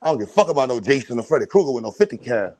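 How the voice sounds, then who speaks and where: Animated man ranting on a phone stream. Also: mid-range voice, very fast. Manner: loud, animated, profane storytelling with bursts of laughter. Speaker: stream host. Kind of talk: casual livestream rant. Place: at home, moving between a room and the doorway outside.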